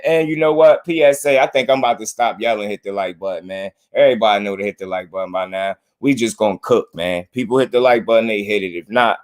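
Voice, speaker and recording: A man hosting a boxing commentary video, talking to his viewers in loose slang and repeating himself a lot. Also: on the low side.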